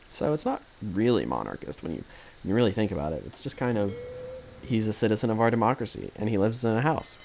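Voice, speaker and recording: A man's voice: on the low side, gravelly, darkish tone, a little hiss or hum. A man streaming a strategy game live, commentating casually in a rambling, jokey way that keeps correcting itself.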